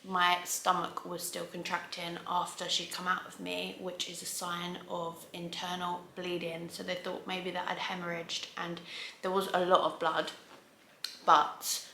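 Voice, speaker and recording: A woman's voice: lowish voice, monotone, a little slow, vocal fry, pushed and bright, a little hiss or hum. Chatty woman vlogger in a roomy space. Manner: chatty, rambling, with restarts. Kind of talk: casual storytelling to camera. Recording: roomy echo.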